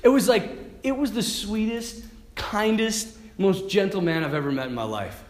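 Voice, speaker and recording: A priest giving a talk at a retreat, telling a story in an animated way, often laughing and acting out what people said. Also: male voice, high voice, normal speed, echoey room.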